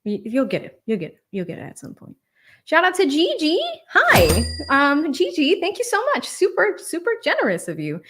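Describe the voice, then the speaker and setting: A woman's voice: high-pitched, brisk, few pauses. Chatty woman livestream host from Boston. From Boston, USA. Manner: chatty, animated, many fillers, reads viewer comments. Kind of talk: casual livestream chat.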